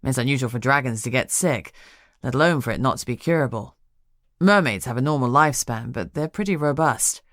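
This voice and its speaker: A woman narrator voicing a calm, immortal male dragon shifter who speaks in a measured, even way. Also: rumbling low, no echo, studio quality, pitched below the performer's own voice.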